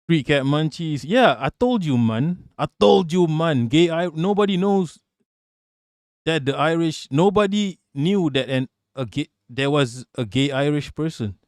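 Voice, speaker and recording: A man's voice: fairly high pitch, expressive, unhurried, a little mellow, no room sound, studio quality. A man streaming live, joking crudely and rambling as he reacts to clips. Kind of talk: casual live-stream commentary.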